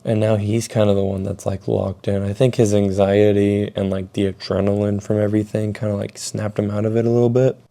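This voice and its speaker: A man's voice: lowish voice, flat delivery, brisk, vocal fry, hardly any pauses, mellow. A young man telling a story in a rambling way, swearing a lot and full of filler words. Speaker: storytelling vlogger. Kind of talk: casual storytelling.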